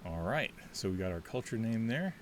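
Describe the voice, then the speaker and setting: Low-voiced man rambling through a solo game. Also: very animated, normal speed, a little hiss or hum. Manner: rambling, chatty, thinks out loud with many fillers. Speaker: solo tabletop game player. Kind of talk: casual thinking-aloud game walkthrough.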